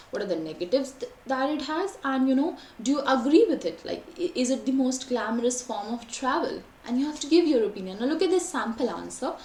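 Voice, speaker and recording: A young woman teaching an online exam-prep lesson, with lively, varied intonation and frequent fillers. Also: high-pitched. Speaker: IELTS teacher. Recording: echoey room, faint background noise.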